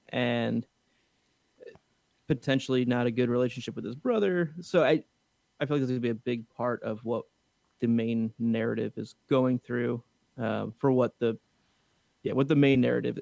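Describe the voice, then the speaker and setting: A man's voice: medium pitch, creaky, warm tone, no echo. A man co-hosting a casual fan podcast, rambling with restarts and tossing in jokes. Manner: joking asides, rambling restarts. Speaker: podcast co-host.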